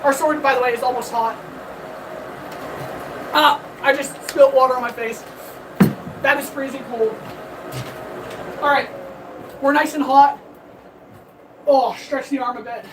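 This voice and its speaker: This woman blacksmith keeps up upbeat, casual chatter with live-stream viewers as she forges, winded from hammering. Her high voice is steady and unhurried, with long pauses. The audio comes from a distant mic buried in loud forge noise.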